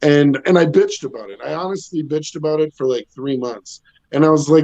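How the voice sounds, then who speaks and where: A man in his thirties with a loud, bassy voice, doing a rambling stand-up set from home with lots of ums and chuckles. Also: fairly quick, few pauses, dull audio. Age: 30s. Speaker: stand-up comedian. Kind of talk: casual stand-up set over video call. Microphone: home video call.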